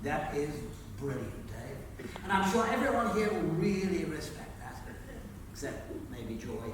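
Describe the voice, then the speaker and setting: A man's voice: fairly high pitch, very animated, unhurried, background noise. An actor on stage playing an earnest, fussy male newsreader who talks politely. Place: large theatre stage. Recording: distant echoey theatre audience recording.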